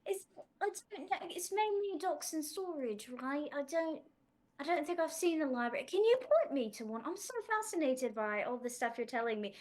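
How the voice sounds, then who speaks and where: A woman's voice: sits high, animated, normal speed, a little mellow. A woman voicing a young, scatterbrained female adventurer, rambling and oblivious. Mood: fascinated.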